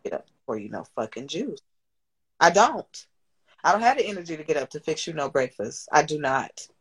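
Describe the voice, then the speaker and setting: A woman's voice: low-pitched, big pitch swings, normal speed, breathy edge, rough recording. A woman in her thirties, a business owner and single mother, talking candidly and at length as a guest, swearing freely and getting emotional. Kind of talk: candid podcast conversation.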